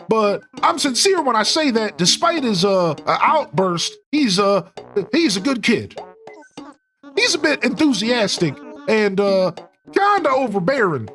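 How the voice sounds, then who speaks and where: A man's voice: high-pitched, a bit bright, exaggerated voice. A man voicing an older male mole with a put-on New Jersey accent, reading game dialogue in a folksy, rambling, earnest way. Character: older male mole, apologetic easygoing brother.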